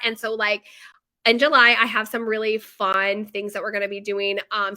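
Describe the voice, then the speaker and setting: Casual lady rambling on a live stream, bright punchy voice, kinda high. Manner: chatty, animated storyteller with frequent fillers. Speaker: bakery owner hosting a live video.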